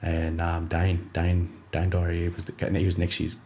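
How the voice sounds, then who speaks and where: A young Australian man with a low, warm voice tells his story in a relaxed interview. He rambles through fillers and restarts and slips into his coach's voice when quoting him. The delivery stays easy-going and conversational. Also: moderate pace, slight background noise. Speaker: rugby league player, podcast guest.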